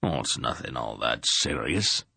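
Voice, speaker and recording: A man doing a practical middle-aged smith with a very deep, gravelly, husky voice. He explains things plainly and with dry understatement, as in an audiobook. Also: animated, a little slow, pushed and bright, dry recording, full character voice. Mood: matter-of-fact. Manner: dry, matter-of-fact understatement.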